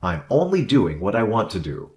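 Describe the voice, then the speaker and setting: A man's voice: on the low side, sing-song, normal speed, warm tone. A man voicing a selfish, arrogant husband who blames his wife, speaking in a dismissive, condescending way. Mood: scornful. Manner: dismissive and condescending, later whiny. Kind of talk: narrated drama story dialogue.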